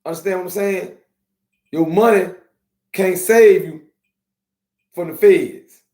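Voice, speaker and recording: A man hosting a podcast, talking casually and streetwise to his viewers, slowing down to preach his points. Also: high-pitched, warm tone. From Miami. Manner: streetwise, preachy, drawn-out slow emphasis. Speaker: podcast host. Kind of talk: casual live-stream talk to viewers. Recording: echoey room.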